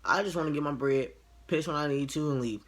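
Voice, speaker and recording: A man's voice: a little high, quick pace. Frank, exasperated man telling a story. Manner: retells conversations by voicing each side. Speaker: line cook. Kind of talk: casual storytelling to camera.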